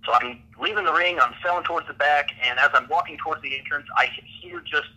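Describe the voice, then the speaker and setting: Guy with a super bright sharp voice rambling through a story, laughing along. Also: fairly high pitch, quick pace, poor audio. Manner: loose, rambling, laughing between lines. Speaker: podcast guest telling a story. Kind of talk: casual storytelling.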